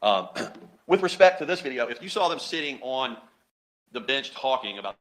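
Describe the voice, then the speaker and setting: A man questioning a witness in a courtroom with brisk, formal questions, from trial audio replayed on a stream. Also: medium pitch, big pitch swings, low-quality recording. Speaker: prosecutor.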